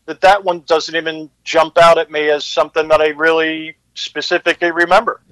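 A man's voice: a little high, flat delivery, a little fast, a bit bright, smooth, no room sound, poor audio. A man, a guest comedian, chatting in an easygoing way on a podcast. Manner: easygoing, brief affirmations. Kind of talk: casual chat.

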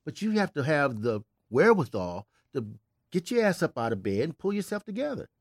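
A man's voice: fairly high pitch, very animated, a little fast, no echo, clean studio sound. An older man on a podcast giving blunt, emphatic tough-love advice in casual chat. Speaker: podcast regular, host's father.

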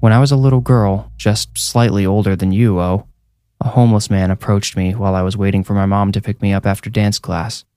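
A man's voice: on the low side, a little mellow, no echo, clean studio sound, lightly acted. A man voicing a grave, haunted mother. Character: worried mother, adult woman, haunted by her past.

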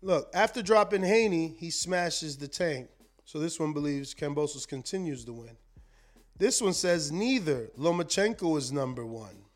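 A man's voice: a little high, animated, normal speed. A man hosting a live boxing stream, talking casually, rambling and repeating words as he reads out viewer comments. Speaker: boxing show host.

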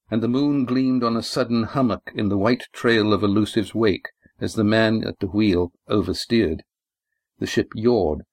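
Low-voiced guy reading a book out loud, steady pace, dry close sound. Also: no echo. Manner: steady, measured storytelling. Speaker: audiobook narrator. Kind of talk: scripted narration.

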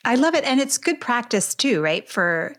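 A woman's voice: fairly high pitch, sing-song, normal speed, fairly bright tone. A woman hosting a casual interview, introducing segments and laughing easily. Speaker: podcast host.

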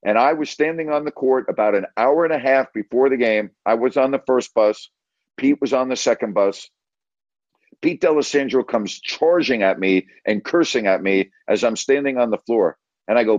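A man's voice: medium pitch, animated, moderate pace, dry recording, highs cut off. A man who works as a sports radio broadcaster, telling a story as an interview guest and acting out the dialogue of the scenes he recounts. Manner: retells scenes with quoted dialogue. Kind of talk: anecdotal storytelling.

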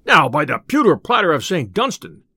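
A boastful, hot-tempered tinker , as a storyteller puts him on, bellowing his archaic threats and jests in a storybook reading. His voice swings widely from low grumbles to loud bursts, and the recording is close and dry. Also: big pitch swings, normal speed, dry recording, heavily acted. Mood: blustering. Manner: blustering, loud archaic speech.

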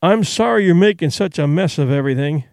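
A man voicing a calm, stern ship owner who speaks quietly in cool, clipped replies. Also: on the high side, fast talker, gravelly, dry recording, studio quality. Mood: quiet, firm.

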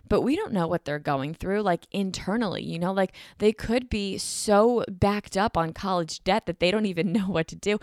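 Young woman vlogger, low-ish voice, candid chatty advice, dry close mic. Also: clear, resonant tone, no room sound. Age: 20s. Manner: chatty, candid, lots of "like" and "you know". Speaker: YouTuber and business owner. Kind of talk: casual talking-to-camera advice. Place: home room.

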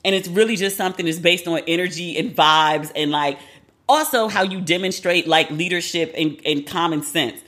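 A woman's voice: fairly low pitch, moderate pace. Woman, podcast host, casual solo commentary, candid, profane. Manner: chatty, candid, profane, animated.

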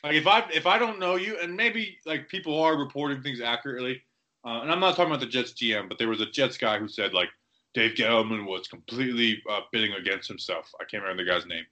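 A man's voice: mid-range voice, fast, bright, forceful tone. A man co-hosting a podcast in casual sports chat, rambling with lots of "like" and restarts. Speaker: podcast co-host.

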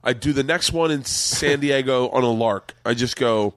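A man's voice: mid-range voice, moderate pace, a bit bright, no room sound. Profane storytelling man, dry close sound. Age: middle-aged. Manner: rambling, profane, acts out quotes. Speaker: podcast host, comedian. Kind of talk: casual storytelling chat.

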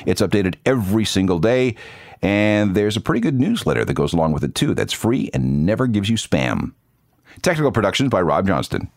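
Podcast host guy telling stories, slightly low voice, bouncy delivery, dry close mic. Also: darkish tone, dry recording. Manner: storytelling with dry asides. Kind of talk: scripted radio-style narration.

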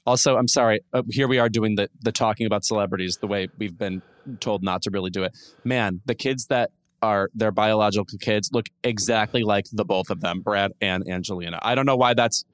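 A man's voice: lowish voice, fairly quick, dry recording. A man co-hosting a podcast in casual chat, opinionated and teasing with a wry edge. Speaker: podcast co-host.

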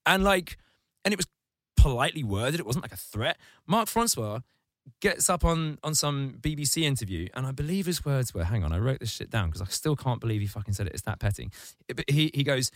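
Animated ranting man, dry close mic. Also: a little fast, no room sound. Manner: animated ranting, mocking voices in sudden high squeals. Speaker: podcast host. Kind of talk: casual comedic podcast chat.

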